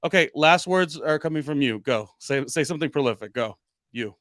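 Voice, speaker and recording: With a slightly high, expressive, fairly bright voice, this podcast co-host talks a little fast in loose conversation, full of fillers and false starts. The recording is studio quality with no room sound.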